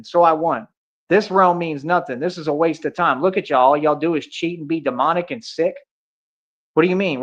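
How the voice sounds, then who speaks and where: A man ranting on a livestream, confrontational and taunting, with heavy street slang. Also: high voice. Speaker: streamer. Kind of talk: livestream rant. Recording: dull lo-fi audio.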